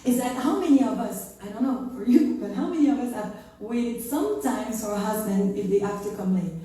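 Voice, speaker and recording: A woman with a French accent who teaches Torah and tells stories in an animated, inspirational talk. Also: medium pitch, brisk. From France. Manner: animated storytelling. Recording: echoey room, voice from far off.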